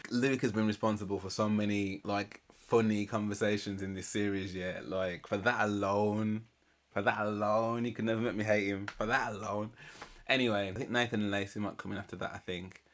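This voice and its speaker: A man's voice: lowish voice, fairly even intonation, fairly quick, a little hiss or hum. A man giving casual, slangy reaction commentary on a reality show, retelling scenes with laughs. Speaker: reaction channel host.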